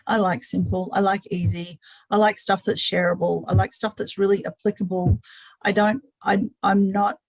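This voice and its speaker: Woman, webinar host, earnest, repeats words while thinking, mid-pitched voice, dry close sound. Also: flat delivery, moderate pace, slightly rough, no echo, poor audio. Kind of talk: live-streamed webinar talk.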